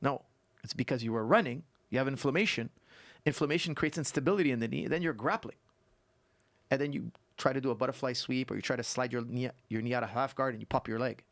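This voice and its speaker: A man who is a guest coach on a podcast, telling stories and explaining technique in an animated way that repeats points for emphasis. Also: medium pitch, quick pace, dry recording. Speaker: guest martial arts coach. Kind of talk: casual podcast conversation.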